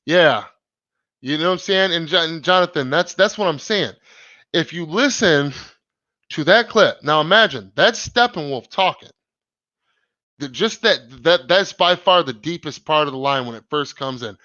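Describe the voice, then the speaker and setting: A man hosting a live stream, chatting casually in an excited, rambling, slangy way with many restarts. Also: on the high side, normal speed, no room sound, lo-fi sound.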